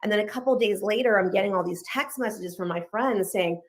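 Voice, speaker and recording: A woman in her thirties from Los Angeles, telling her personal story quickly and candidly, acting out bits of dialogue along the way. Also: medium pitch. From Los Angeles, United States. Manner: fast, candid, animated retelling with quoted dialogue.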